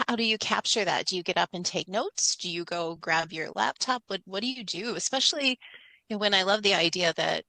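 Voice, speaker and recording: A woman's voice: mid-range voice, brisk, vocal fry, sharp tone, no echo, poor audio. A woman co-hosting a podcast who asks eager, rambling questions, stacking them one after another. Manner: eager, piles up several questions at once. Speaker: podcast co-host. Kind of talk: casual interview chat.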